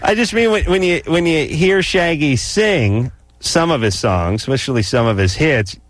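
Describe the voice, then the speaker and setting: A man's voice: on the high side, expressive, normal speed, no echo. A man hosting a late-night radio call-in show, joking and ribbing his guest. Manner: joking, wisecracking. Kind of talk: casual radio talk.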